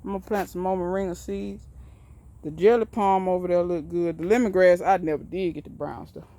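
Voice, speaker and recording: Filming on a handheld phone, a woman gives a casual, rambling walk-and-talk tour of her backyard garden and greenhouse, addressing viewers directly in a folksy way. Her voice is lowish and warm, fairly quick, with fairly even intonation.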